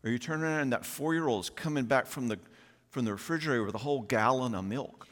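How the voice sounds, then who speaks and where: A middle-aged man giving a folksy, animated conference talk, often acting out quoted voices. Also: mid-range voice, fast. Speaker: conference speaker. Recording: long reverb of a large hall.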